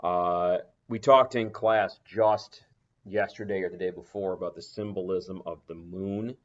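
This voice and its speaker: Man, very low voice, teacher, recorded lecture, conversational, self-correcting. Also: fairly even intonation, unhurried.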